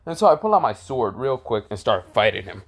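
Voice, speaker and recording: A man makes up a fan story as he goes, casual and loose. He rambles, backtracks and drops curse words often, in a voice of ordinary pitch. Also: big pitch swings, a little fast. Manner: rambling, full of fillers and restarts, swears freely. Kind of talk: casual improvised fan-fiction narration.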